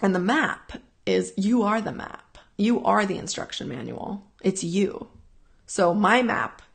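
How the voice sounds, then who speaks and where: A woman's voice: medium pitch, big pitch swings, measured pace, vocal fry. A woman hosting a casual live talk, answering viewers in a rambling, earnest way that keeps circling back and repeating itself. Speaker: host answering viewer questions.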